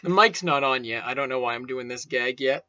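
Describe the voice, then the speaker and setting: A man's voice: mid-range voice, brisk, dull audio, noisy background. A young man rambling casually and swearing as he unboxes and sets up a microphone at home. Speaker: video creator. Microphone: desk microphone being set up.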